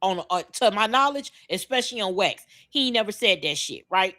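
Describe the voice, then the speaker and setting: A woman's voice: medium pitch, animated, fairly quick, a bit bright. A woman with a Miami accent, co-hosting a podcast in a blunt, profane, emphatic rant. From Miami, Florida. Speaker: podcast co-host.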